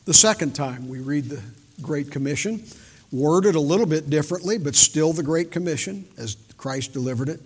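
An older man giving a sermon with folksy storytelling, shifting from loud emphasis to quiet, intimate moments. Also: a little high, animated, normal speed, slightly rough. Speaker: preacher. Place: large church hall. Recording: reverberant church hall.

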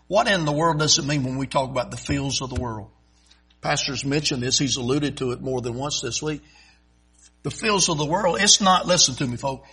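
A middle-aged man preaching a sermon in a folksy, emphatic way, swelling loud and stretching out key phrases. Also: fairly high pitch, breathy edge, low-quality recording.

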